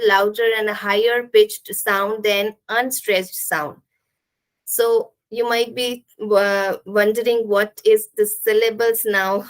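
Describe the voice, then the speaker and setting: A woman teaching English pronunciation from slides, who explains step by step and slowly sounds out example words. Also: a little high, rough recording.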